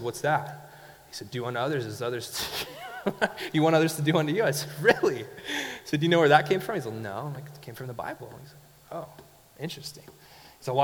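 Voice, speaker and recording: A man preaching a sermon as a pastor, telling stories in a conversational way and asking rhetorical questions. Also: medium pitch. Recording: long hall reverb.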